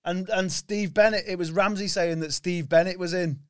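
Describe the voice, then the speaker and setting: A man's voice: sits high, steady tone, moderate pace, clear, resonant tone, dry recording, studio quality. A man, a stand-up comedian, telling stories in a casual chat, laughing often and swearing.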